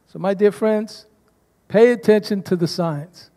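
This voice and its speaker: A pastor delivers his sermon to a congregation, prompting them to answer back. His voice sits high for a man. The sound rings with a long church reverb. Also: normal speed, dark tone. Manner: preaching to a congregation, calls for responses. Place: church sanctuary.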